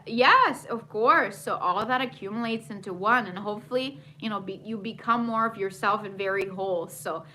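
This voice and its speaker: A woman's voice: mid-range voice, moderate pace, few pauses, sharp tone, rough recording. A woman vlogger recapping a TV episode in a casual, chatty way, with many fillers, answering viewer comments as she goes.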